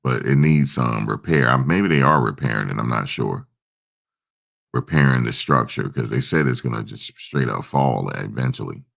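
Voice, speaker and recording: A man's voice: very deep voice, moderate pace, gravelly, a bit bright. A man hosting a casual live stream, rambling and answering viewers' comments. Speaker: livestream host.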